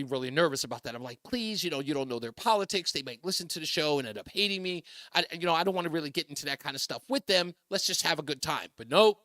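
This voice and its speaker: A male talk radio host telling a funny personal story in a lively way, often raising his voice to quote people and laughing as he goes. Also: fairly high pitch, no room sound, studio quality.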